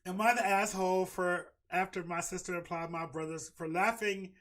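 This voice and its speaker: A man hosting a casual chat in a fairly high voice and an African American English accent. He reads a forum post aloud, then reacts with exclamations, swearing and bursts of cackling. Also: steady tone, moderate pace, a bit bright. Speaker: podcast host.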